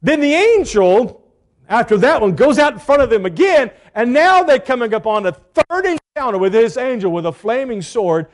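A man preaching a sermon as a pastor, retelling a story in an animated way and acting out the quotes. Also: very high-pitched, normal speed.

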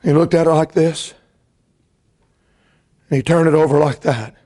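A male preacher delivering a revival sermon in a tearful state, swinging from fervent shouted bursts down to soft, quiet storytelling. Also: fairly high pitch, steady tone, normal speed.

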